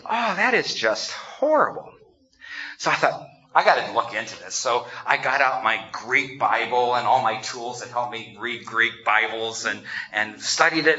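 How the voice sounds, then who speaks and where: A man's voice: mid-range voice, pushed and bright. A man preaching a conversational sermon, acting out quotes and laughing along as he tells the story. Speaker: pastor. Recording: dull lo-fi sound.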